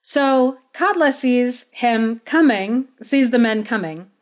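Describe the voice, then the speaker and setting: A young woman co-hosting a podcast, retelling a saga in a chatty, animated way. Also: a little high, slow pace. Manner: animated, chatty, laughs often, many "like"s. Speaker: podcast co-host. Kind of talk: casual storytelling.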